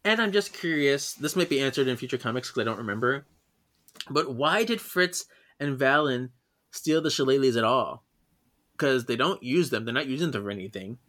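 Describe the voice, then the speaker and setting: A man's voice: mid-range voice, lively intonation, moderate pace, fairly bright tone. Giggly male podcast host. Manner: chatty, laughs often, leads the segments. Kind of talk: casual chat.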